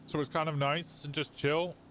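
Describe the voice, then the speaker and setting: A man's voice: a little high, little pitch movement, normal speed, a bit bright, slight background noise. A British man streaming a roleplay game, chatting casually in character, laughing easily and trailing off into restarts.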